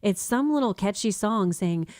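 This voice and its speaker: A middle-aged American woman hosting a faith-based radio talk show, speaking in a casual, animated way. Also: medium pitch, moderate pace, dry recording, studio quality. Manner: animated, mimics ads in a sing-song voice.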